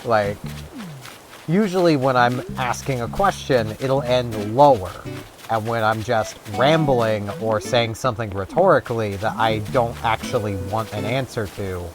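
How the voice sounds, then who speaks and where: A man's voice: mid-range voice, measured pace. A man with a Canadian accent chatting casually and rambling while he plays a video game. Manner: rambling, chatty, self-mocking. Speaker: gaming vlogger. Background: game music.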